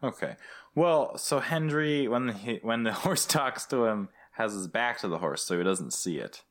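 A man co-hosting a casual comedy podcast, sarcastic and deadpan, swearing freely. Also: mid-range voice, measured pace. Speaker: podcast co-host. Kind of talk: casual comedic recap chat.

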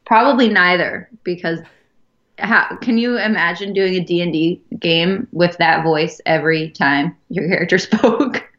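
A chatty woman with a fairly low voice trades stories as a podcast co-host, giggling often. Her easygoing talk comes through a dull, lo-fi recording. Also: a bit bright. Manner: giggly, chatty, quick to laugh. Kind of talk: casual chat.

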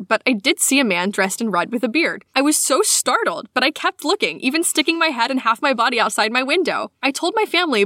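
Giggly, high-voiced woman podcast host. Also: dry recording, studio quality. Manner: giggly, animated storyteller. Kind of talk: casual podcast chat, reading listener stories aloud.

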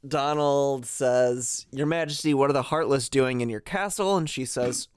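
A man's voice: mid-range voice, normal speed, clean tone, no echo, studio quality. A man co-hosting a podcast, casually recapping a video game's story and reading out characters' lines with comic asides. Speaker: podcast co-host.

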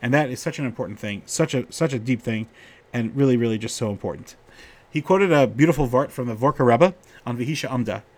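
A middle-aged man gives a casual Torah talk full of stories. His pitch sits in an ordinary middle range, and he rises and gets livelier when he acts out what the characters said. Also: quick pace. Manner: storytelling, animated when quoting characters. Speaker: rabbi giving a Torah talk.

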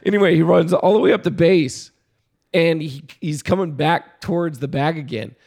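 A man casually recounts coaching youth baseball, animated and laughing often, and he gets loud whenever he reenacts yelling. His voice sits on the high side and is creaky, with a moderate pace.

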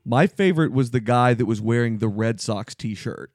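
A man's voice: medium pitch, normal speed, a little mellow, no room sound. A man from Texas chiming into a podcast chat with dry, teasing remarks. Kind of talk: casual chat.

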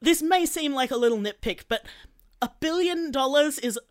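A woman with an Australian accent co-hosting a comedy podcast, chatting casually in an exasperated, incredulous way with halting restarts. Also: high-pitched, lively intonation. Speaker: podcast co-host.

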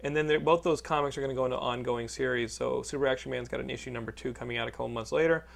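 A man's voice: medium pitch, fairly even intonation, gravelly. A man hosting a podcast in casual, joking chat, often profane and teasing. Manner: joking, profane, quick to tease. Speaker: podcast host.

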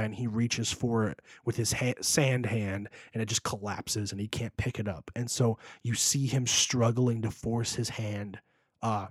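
A man's voice: mid-range voice, darkish tone, husky, dry recording, clean studio sound. A young man co-hosting a podcast, rambling emotionally through a movie retelling with lots of fillers. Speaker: podcast co-host. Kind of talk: casual chat.

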